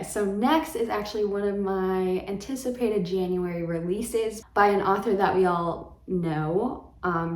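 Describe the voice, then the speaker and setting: A woman with a slightly low voice talks in a relaxed, rambling way, filling her sentences with ums and likes. Her voice rings around an echoey room. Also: a little hiss or hum. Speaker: book vlogger. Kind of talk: casual book chat.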